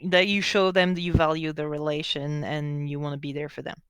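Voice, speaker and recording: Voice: mid-range voice, flat delivery, a little fast, a bit bright, clear, resonant tone, dry recording. A game master running a tabletop game, explaining how characters react at length.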